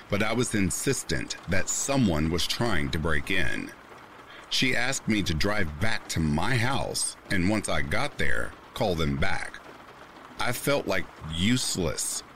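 Deep-voiced man narrating horror stories. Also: fairly bright tone, slight background noise. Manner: reads a first-person account with rising tension. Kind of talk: scripted narration. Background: faint rain sounds.

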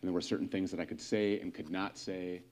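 A man's voice: sits low, fairly even intonation, quick pace, a little mellow. A man conducting an interview in a grave, serious way. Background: music.

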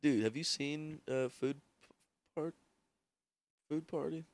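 A man's voice: a little high, slow pace, no room sound. A young man co-hosting a podcast, chatting in a giggly, crude, casual way. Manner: giggly, crude, bouncy delivery. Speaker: podcast co-host. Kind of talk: casual chat.

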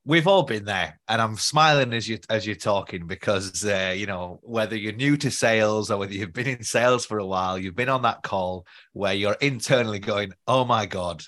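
A man's voice: lowish voice, normal speed, hardly any pauses, a bit bright. A man hosting a sales podcast, friendly, with lots of small hesitations and restarts. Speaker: podcast host. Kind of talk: podcast interview.

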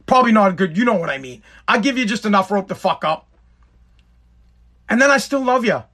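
A man's voice: high-pitched, expressive, brisk, pushed and bright, a little hiss or hum. A middle-aged man telling a personal story in a rambling, emphatic way, full of swearing. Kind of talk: casual storytelling monologue.

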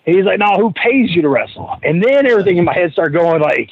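This guest, a wrestler, speaks fast in a high, gravelly voice while rambling through a profane, animated story and mimicking each character he quotes. A little hiss or hum sits under the dull lo-fi podcast recording.

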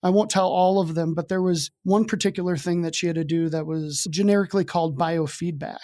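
A man's voice: a little high, fairly even intonation, brisk, a little mellow. A young adult man telling his own story as a podcast guest, candid and casual, with wry self-deprecating humor.

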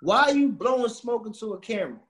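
A man's voice: high voice, sing-song, fast talker, echoey room, background noise. A man as a podcast guest, ranting about pet peeves with lots of swearing. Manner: ranting and swearing, with repeated filler words. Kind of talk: casual chat.

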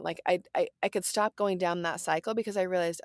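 Woman, thirties, low voice, dry close recording, earnest, reassuring, chatty parenting advice. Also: steady tone, brisk, few pauses, dry recording. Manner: earnest, reassuring, lots of "like" and "right?". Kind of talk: casual parenting advice talk.

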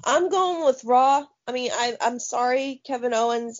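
A woman's voice: on the high side, measured pace, few pauses, no echo. A woman co-hosting a podcast in casual chat, blunt and profane. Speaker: podcast co-host. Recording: dull, dry, lo-fi podcast audio.

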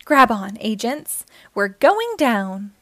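A brave, level-headed cartoon girl agent , as a woman reads her aloud takes charge in a bright, lively storybook voice. The pitch sits a little high and the sound is dry. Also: slow pace, no room sound, full character voice. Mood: bold. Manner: calm, take-charge. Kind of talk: children's read-aloud.

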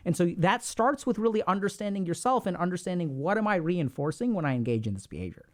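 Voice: mid-range voice, lively intonation, fast talker. A therapist giving casual, blunt advice, who swears and acts out sample conversations. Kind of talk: casual advice talk to camera.

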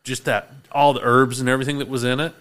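Bright-voiced laid-back man. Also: medium pitch, flat delivery, fast, clear, resonant tone. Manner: laid-back, laughs often, swears casually. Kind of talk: casual chat.

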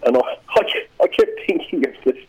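A man chatting casually as a regular radio commentator, talking in a rambling, halting way with many restarts. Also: medium pitch, wildly swooping pitch, breathy edge, poor audio.

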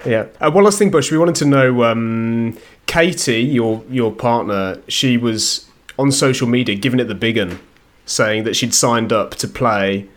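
A man's voice: medium pitch, measured pace. A man co-hosting a podcast over a video call, easygoing as he reads out listener comments. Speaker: podcast co-host reading listener messages. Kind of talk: casual chat.

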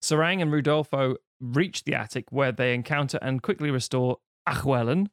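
A man's voice: mid-range voice, normal speed, clear, resonant tone, no echo. Jokey male podcast co-host, dry sound. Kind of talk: casual chat, reading out a film pitch.

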